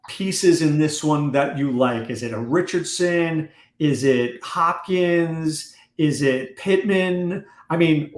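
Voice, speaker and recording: A man hosting a fantasy football talk, asking pointed questions in a quick, wry way. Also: on the high side. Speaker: fantasy football podcast host. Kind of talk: casual analytical chat. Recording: echoey room.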